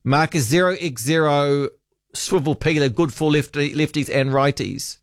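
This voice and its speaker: A man's voice: fairly high pitch, moderate pace, no room sound, studio quality. A man hosting talkback radio, chatting casually and reading out listener texts, often trailing off with hesitant ums.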